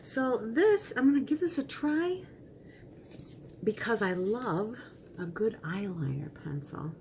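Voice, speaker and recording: Lively chatty woman vlogging makeup. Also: medium pitch, slow pace, a little hiss or hum. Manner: chatty and rambling, talks to herself. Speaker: beauty vlogger. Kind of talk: casual unboxing chat.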